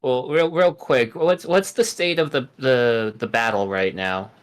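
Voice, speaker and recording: A man playing a tabletop game, laid-back and quick to laugh. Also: mid-range voice, clear, resonant tone. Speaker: player.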